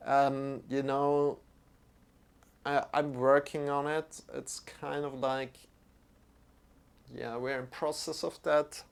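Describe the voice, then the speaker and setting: A man teaching a live-streamed yoga class. He greets viewers by name and answers their chat comments in an unhurried way. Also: mid-range voice, little pitch movement, creaky, clear, resonant tone. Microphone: streaming microphone.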